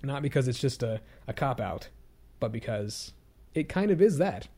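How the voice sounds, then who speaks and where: A man's voice: mid-range voice, very animated, normal speed, mellow, husky. A young man talking casually to his own channel, rambling and hesitant, often restarting his sentences, candid and hard on himself. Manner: candid and self-critical. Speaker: YouTuber. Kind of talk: casual reflective vlog monologue.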